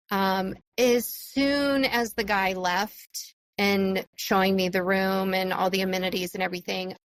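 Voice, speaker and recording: A woman's voice: mid-range voice, vocal fry, fairly bright tone, no echo, poor audio. A woman hosting a solo podcast, telling a personal story in a chatty, enthusiastic way with frequent fillers. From California. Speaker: podcast host.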